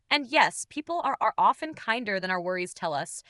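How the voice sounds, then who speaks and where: Gentle, bright-voiced woman teaching English. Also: medium pitch, lively intonation, a little fast, hardly any pauses, no echo, studio quality. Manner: gentle, encouraging, playful. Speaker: English teacher and podcast host. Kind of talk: slow, simple English lesson with role-play.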